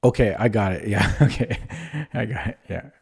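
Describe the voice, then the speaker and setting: A young man on a home stream talks his way through chess moves in a loose, rambling way, poking fun at his own mistakes. His voice sits a little low with a mellow, soft-edged tone, picked up by a desk microphone. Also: normal speed, gravelly, husky. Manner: rambling and self-deprecating, thinking aloud. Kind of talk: casual livestream commentary while playing.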